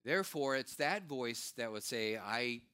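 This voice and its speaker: A middle-aged man delivers a sermon with a mid-range voice that moves a lot. He pushes up loud and high on key points, then sinks to a low, hushed tone for asides. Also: a little slow. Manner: animated preaching, swinging from raised emphatic lines to low quiet asides. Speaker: pastor.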